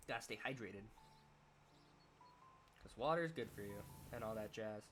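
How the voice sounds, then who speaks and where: A man's voice: fairly low pitch, takes it slowly, fairly bright tone, soft background music. A young man streaming a game, chatting casually and rambling as he thinks aloud, often restarting his sentences. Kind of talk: casual chat while playing a game.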